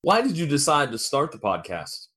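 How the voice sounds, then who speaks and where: A man hosting a podcast, asking his guest questions in a relaxed, easygoing way. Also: medium pitch, moderate pace, husky. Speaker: podcast host. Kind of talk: casual interview questions.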